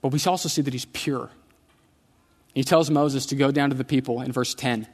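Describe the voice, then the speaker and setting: A man's voice: medium pitch, steady tone, moderate pace. A male pastor preaching a sermon in a church sanctuary, conversational and telling stories with humor. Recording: long church hall reverb.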